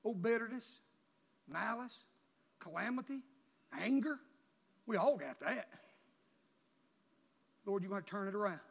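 A man preaching an emotional sermon, swinging from near-shouts down to quiet, low passages. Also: lively intonation, measured pace, gravelly, long pauses. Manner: impassioned, rising to near-shouts then dropping low. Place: church sanctuary. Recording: dull sound with long church reverb.

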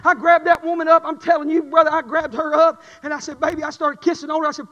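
A middle-aged man preaching a sermon, swinging from quiet testimony to shouted fervor. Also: very high-pitched, fast talker, big-room sound, dull audio.

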